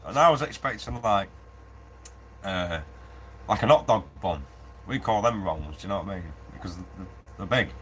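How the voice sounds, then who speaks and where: A man's voice: lowish voice, animated, normal speed, long pauses, a bit bright. A man hosting a casual live stream while building a prop, chatting with viewers, laughing often and reading the chat aloud. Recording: noisy workshop with sanding. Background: sanding and 3D printer noise.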